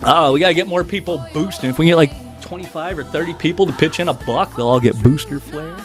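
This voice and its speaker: A man's voice: fairly high pitch, quick pace, soft background music. A man hosting a casual live-stream sale, chatting with viewers and doing card tricks as he talks. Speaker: livestream seller and breaker. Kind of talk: casual livestream selling patter.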